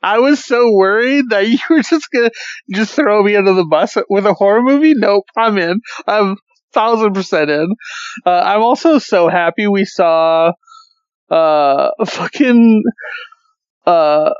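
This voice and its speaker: A high-voiced man in a casual movie podcast, laid-back and quick to laugh, with plenty of swearing. The sound is dry and somewhat muffled. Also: clean tone, no room sound. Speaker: podcast co-host. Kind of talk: casual movie review chat.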